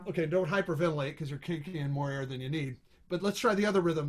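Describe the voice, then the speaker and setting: A man's voice: fairly high pitch, fast talker. A middle-aged man teaching trombone over a video call, talking casually, thinking aloud and singing rhythms on "da" syllables. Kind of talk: online music lesson.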